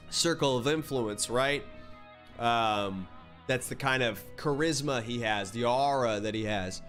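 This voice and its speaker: A man talks through a comic's plot in a loose, rambling vlog style. He keeps jumping back, restarting and padding with fillers as he goes. His voice sits at a middle pitch, with faint guitar music behind him. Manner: rambling, animated storytelling with filler words. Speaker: manga reviewer. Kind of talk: casual vlog recap.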